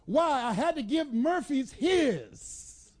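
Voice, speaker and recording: Guy giving a fired-up motivational talk, preachy rhythm, makes the crowd repeat stuff, really high voice. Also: sing-song, takes it slowly. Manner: preacher-like cadence, builds with repetition, bursts into shouts; commands the audience to repeat and write things down. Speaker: motivational speaker. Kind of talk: motivational speech to a live audience.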